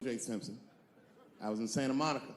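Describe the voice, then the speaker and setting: A man's voice: mid-range voice, fast, background noise. A male stand-up comedian telling stories in a profane, conversational way with punchy emphasis.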